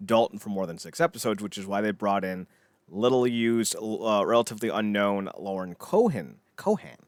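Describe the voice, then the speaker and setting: A man with a lowish voice talking casually on a podcast, rambling between points and swearing freely. He often trails off into quiet mumbles. The sound is dry and close. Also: animated, normal speed, no room sound. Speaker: podcast co-host.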